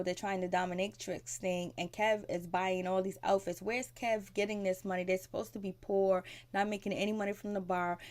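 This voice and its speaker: A woman's voice: medium pitch, darkish tone. A woman giving a casual recap of a TV episode, rambling and conversational, frank, with mild swearing. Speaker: TV recap vlogger.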